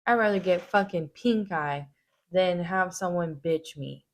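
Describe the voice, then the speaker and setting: A woman's voice: fairly low pitch, measured pace. A woman hosting a reaction video, giving blunt, casual commentary full of swearing.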